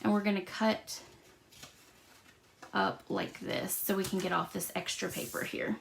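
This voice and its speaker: Gravelly-voiced woman demonstrating a craft live. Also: mid-range voice, fairly even intonation, measured pace, slight background noise. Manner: chatty, talks while working with hands. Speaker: crafting host.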